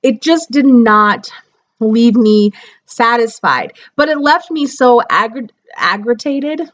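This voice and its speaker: A young woman with a fairly high voice rants her way through a casual book review, restless and exasperated. She rambles and circles back on herself as her frustration builds. The recording is dull and lo-fi, like a basic home setup. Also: animated, slow pace, a bit bright.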